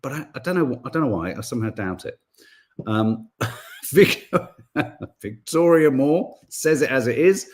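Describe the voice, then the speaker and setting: A man, hosting a podcast in casual chat and reading out viewer comments in a rambling, animated way. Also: medium pitch, measured pace. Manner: rambling, animated, full of restarts and asides. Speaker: podcast host.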